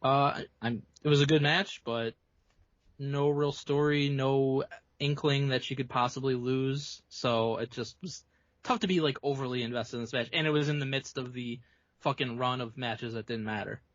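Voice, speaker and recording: A man's voice: medium pitch, fairly even intonation, moderate pace, dry recording, muffled recording. A man co-hosting a wrestling podcast, blunt and argumentative, cursing often. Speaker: podcast co-host. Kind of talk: casual wrestling review chat.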